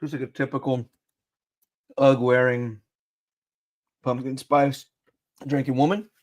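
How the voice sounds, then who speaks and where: Co-hosting a casual podcast, a man jokes, swears and laughs while reading reviews aloud in put-on voices. His medium-pitched voice is level, slow and a little mellow, captured in a dry recording.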